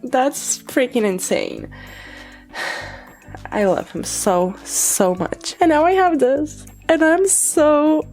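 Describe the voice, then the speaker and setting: A young adult woman vlogging casually to camera, talking in an excitable, rambling, gushing way. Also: sits high, slow, faint music behind. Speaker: plant vlogger.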